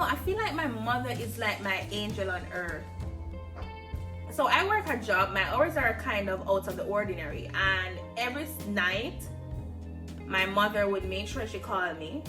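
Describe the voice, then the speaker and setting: A Jamaican woman in her twenties speaking earnestly in a reflective personal vlog. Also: mid-range voice. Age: 20s. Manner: earnest, heartfelt, emphatic. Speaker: vlogger. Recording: distant mic with music behind. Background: music.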